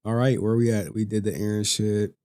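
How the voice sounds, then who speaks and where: Profane, heated livestream host. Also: male voice, on the low side, flat delivery, fairly quick, mellow. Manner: profane, heated, swearing constantly. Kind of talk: casual livestream rant.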